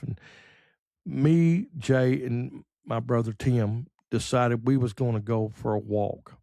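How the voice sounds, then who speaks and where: Guy rambling through old road stories, gravelly voice, dry close mic. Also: medium pitch, warm tone, dry recording. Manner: rambling, folksy, many uh fillers. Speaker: podcast host. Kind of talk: casual storytelling.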